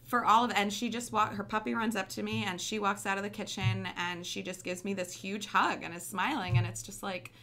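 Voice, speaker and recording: A woman's voice: medium pitch, level tone, brisk, few pauses, bright, forceful tone. A young woman telling stories as an interview guest, chatty, with many ums and likes. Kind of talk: casual storytelling interview.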